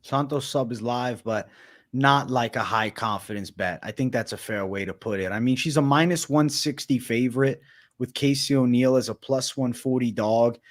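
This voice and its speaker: A man co-hosting a mixed martial arts show, giving measured, laid-back picks and betting analysis. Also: medium pitch. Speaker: co-host of MMA betting show. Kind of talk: casual fight analysis and betting talk.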